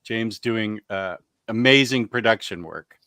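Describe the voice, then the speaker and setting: A man's voice: fairly low pitch, measured pace, sharp tone, no echo. A man hosting a livestream chat, upbeat and reading out viewer comments. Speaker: host.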